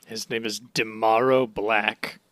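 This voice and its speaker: A man co-hosting a podcast, casually recapping anime with dry, deadpan jokey interjections, on a close mic. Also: fairly low pitch, slow pace, dry recording. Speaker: podcast co-host.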